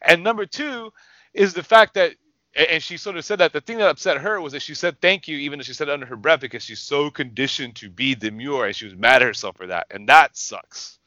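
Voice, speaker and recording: A man with a bright, forceful voice rants heatedly and swears freely, hammering his points home. His voice sounds close and dry, slightly dull in tone, as in a casual podcast. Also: on the high side, fairly quick, dry recording. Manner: heated, profane, emphatic. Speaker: podcast co-host. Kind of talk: casual profane rant.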